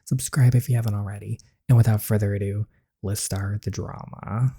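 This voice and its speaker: A man's voice: fairly low pitch, fairly even intonation, normal speed, mellow, slightly rough. A man hosting a let's play, giving dramatic, sassy reactions as he comments on a story game.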